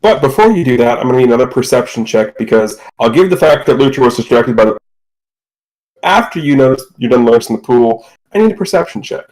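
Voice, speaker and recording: A man runs a tabletop game, describing rooms and asking for perception checks in a loose, easygoing way. His pitch sits in the middle but swings widely as he talks, and he often breaks into laughter. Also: expressive, fast, darkish tone, poor audio. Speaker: game master.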